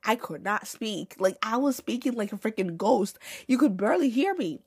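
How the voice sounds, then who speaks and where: A young woman hosts her podcast in a loose, slangy chat, her voice breathy and a little husky. She talks animatedly and swings her pitch high and low as she goes. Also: expressive, normal speed. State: recovering from a cold. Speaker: podcast host.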